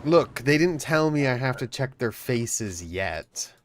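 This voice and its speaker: A man's voice: medium pitch, lively intonation, slow, a little hiss or hum. A man casually commentating a game, reading its text aloud and cracking jokes. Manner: jokey, reads game text aloud, bursts into shouting. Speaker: gamer playing a border-inspector game. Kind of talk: casual let's-play commentary.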